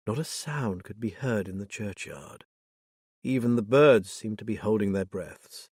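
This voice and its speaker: A man narrating a thriller audiobook in a measured, even reading. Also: lowish voice, husky, no echo, clean studio sound. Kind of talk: scripted narration.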